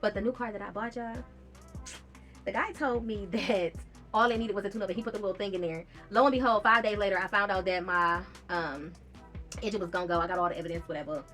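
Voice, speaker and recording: A woman's voice: mid-range voice, steady tone, fast, fairly bright tone, soft background music. A young woman, telling a personal story in a casual storytime vlog, blunt and profane, reading out text messages with bursts of laughter.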